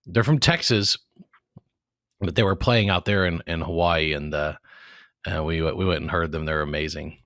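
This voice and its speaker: A man in his forties hosts a podcast in loose, joking chat, trailing off and restarting his words as he goes. His voice sits very low yet comes across bright and forceful. The sound is dry and close, with no room around it. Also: normal speed, pauses often, dry recording. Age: 40s. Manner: rambling, jokey, restarts words often. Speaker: podcast host. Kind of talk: casual chat.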